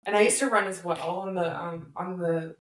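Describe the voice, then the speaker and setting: A woman's voice: on the low side, moderate pace. Casual woman co-host, chatty storyteller, echoey room, sits back from the mic. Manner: chatty, animated storyteller with frequent laughs. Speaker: podcast co-host. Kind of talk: casual chat. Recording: roomy, distant mic.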